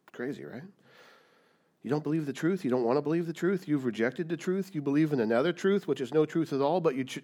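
A man's voice: mid-range voice, darkish tone. A man preaching a sermon, emphatic, asking rhetorical questions and repeating key words. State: coughing, dry throat. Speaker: pastor.

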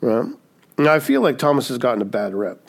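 A man's voice: mid-range voice, brisk. A male pastor delivers a sermon in a friendly, conversational style, with a voice sitting in an ordinary middle range. He keeps checking in with his listeners and slips in light humor as he explains his point. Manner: conversational, often checks in with "right?"; humorous asides.

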